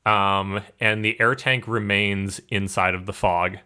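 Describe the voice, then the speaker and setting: A young man narrating as game master, describing scenes in a relaxed way with many fillers. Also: fairly low pitch, measured pace, clean tone.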